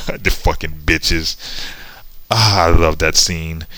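Deep-voiced guy rambling about a comic, sarcastic, laughs a lot, dry. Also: steady tone, slow pace, bright, forceful tone, no room sound, poor audio. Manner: sarcastic, laughing between lines. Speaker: comic book reviewer. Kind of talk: casual rambling retelling.

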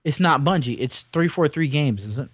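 Guy co-hosting a podcast, bit high voice, super lively, dry close mic. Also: normal speed, slightly rough, dry recording, low-quality recording. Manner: animated, rambling, opinionated gamer talk. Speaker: podcast co-host. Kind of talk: casual chat.

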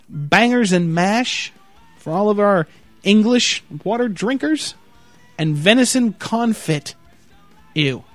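A man's voice: high voice, no echo. A man in a profane, comedic rant, reading a list aloud with mock announcer delivery and repeating "okay?" in disbelief. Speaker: vlogger reacting to a product website.

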